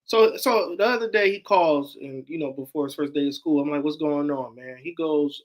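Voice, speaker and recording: A man co-hosting a livestream sports chat, telling a story in an animated way. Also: a little high, normal speed, hardly any pauses. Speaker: co-host.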